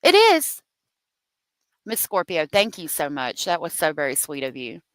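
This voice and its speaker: A woman's voice: low voice, huge pitch swings, measured pace, no room sound, rough recording. A woman hosting a true crime livestream, heated and profane as she talks, thanking viewers for their donations. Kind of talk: angry live commentary.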